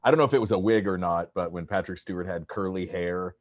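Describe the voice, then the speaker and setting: A man with a somewhat low voice co-hosts a podcast in casual chat. He jokes in a wry, unhurried way. The recording is close and dry. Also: no room sound, lo-fi sound. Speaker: podcast co-host.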